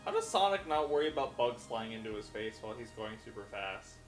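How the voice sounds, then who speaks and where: A man's voice: mid-range voice, sing-song, fast talker, reverberant, soft background music. A man bantering and joking with friends during a game stream. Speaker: co-host. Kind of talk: casual let's-play chat.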